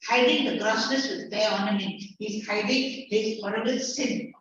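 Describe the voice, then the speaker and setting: A woman with a fairly high voice teaches literature, going through a text line by line and repeating key words. Her voice sounds distant and muffled, with a strong echo around it. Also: fairly even intonation, normal speed, noisy background. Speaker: tutor. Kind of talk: online literature lecture. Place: online class. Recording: echoey, distant, muffled lecture audio.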